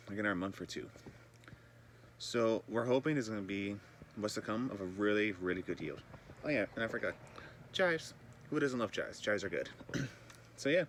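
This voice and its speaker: Casual male vlogger, deep-ish, loose and rambling, a little groggy. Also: fairly bright tone, slight background noise. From northern British Columbia, Canada. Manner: loose and rambling, frequent swearing. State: a bit groggy, just woken. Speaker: vlogger touring his greenhouse garden. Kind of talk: casual chat. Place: greenhouse. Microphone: handheld camera.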